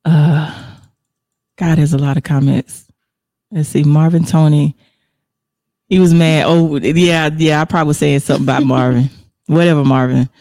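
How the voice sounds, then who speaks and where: A woman's voice: low voice, steady tone, normal speed, pauses often, dark tone, no room sound, clean studio sound. A woman hosting a casual faith livestream, reflecting aloud and reading viewer comments, laughing often between remarks. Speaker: livestream host.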